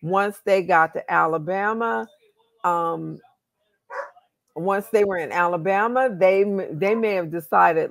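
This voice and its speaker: A woman's voice: on the low side, unhurried, creaky, no room sound. A woman with a Southern US accent, chatting casually about family research and thinking aloud as she looks things up. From California. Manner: talks through research on screen, thinking aloud. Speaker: genealogy host. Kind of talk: casual genealogy chat.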